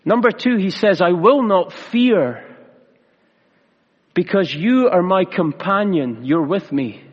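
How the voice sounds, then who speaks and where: A man preaching a sermon with a fairly high, unhurried voice, pausing to stress key words. The sound is muffled and lo-fi, carried through the long reverb of a large hall. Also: expressive. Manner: measured preaching with slow emphatic pauses and gentle humor. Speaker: pastor.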